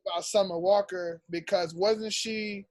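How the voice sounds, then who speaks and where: A man's voice: high voice, fairly even intonation, unhurried, no echo. A man co-hosting a casual podcast debate, slangy and teasing, laughing often. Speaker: podcast co-host.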